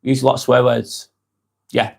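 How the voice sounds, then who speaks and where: A man's voice: medium pitch, little pitch movement, normal speed, creaky. Frank, swearing man chatting live. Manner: frank, swears casually, rambling and conversational. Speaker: live-stream host. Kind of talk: casual live-stream chat, answering viewer comments.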